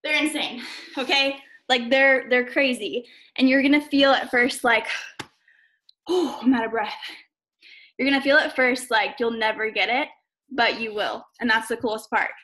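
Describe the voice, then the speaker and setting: A woman's voice: a little high, steady tone, normal speed, pushed and bright. A woman coach on a team video call. She talks in an enthusiastic, chatty way, full of "um" and "like," and sounds out of breath. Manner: enthusiastic, chatty, many fillers like "um" and "like". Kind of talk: casual video call chat.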